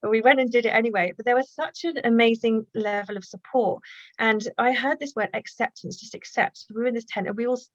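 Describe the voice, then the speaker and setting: Woman guest, reflective storyteller, muffled dry video-call sound, halting and earnest. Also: fairly high pitch, steady tone, dry recording. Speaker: guest, healer and author. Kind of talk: personal storytelling in conversation.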